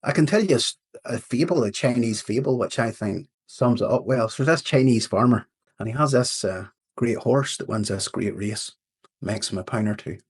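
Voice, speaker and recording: Speaking in a Northern Irish accent, this man from Northern Ireland is a leadership coach guesting on a podcast, telling a fable with animated quotes in casual interview talk. His voice is medium-pitched with a breathy edge, at a moderate pace.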